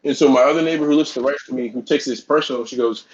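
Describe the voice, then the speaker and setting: A man talking fast on a casual podcast, telling a heated story full of profanity. His voice sits in an ordinary middle pitch. The audio is dull and lo-fi. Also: steady tone, a little hiss or hum. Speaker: podcast co-host.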